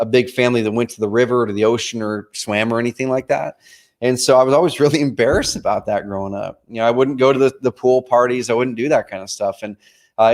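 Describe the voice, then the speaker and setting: Earnest man in his thirties. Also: medium pitch. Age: 30s. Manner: earnest, personal, addresses the audience as "guys". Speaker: company leader presenting a planning webinar. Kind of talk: motivational webinar talk.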